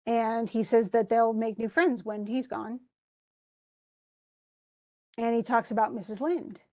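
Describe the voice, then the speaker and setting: A woman's voice: a little high, fairly even intonation, a little slow, darkish tone. A woman teaching a literature class, chatting about a play and reading lines aloud with frequent laughs. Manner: chatty, reads quotes aloud, laughs often.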